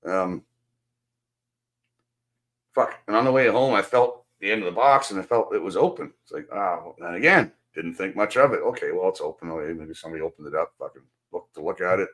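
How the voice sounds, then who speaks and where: A man's voice: sits low, a little fast, fairly bright tone. A man hosting a stream, venting in casual, profanity-laced chat on a video call. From Canada. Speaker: stream host. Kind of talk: casual rant to a guest.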